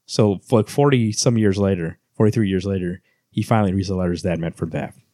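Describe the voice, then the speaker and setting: A man's voice: low voice, fast, mellow, no room sound, clean studio sound. A man co-hosting a casual book club podcast, retelling scenes and reading passages aloud with many fillers. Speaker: podcast co-host.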